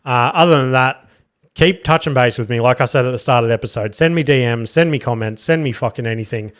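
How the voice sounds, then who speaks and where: A man, a podcast host and comic, signing off in a loose, sweary, rambling way, flat and low on energy. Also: fast. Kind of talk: casual podcast sign-off.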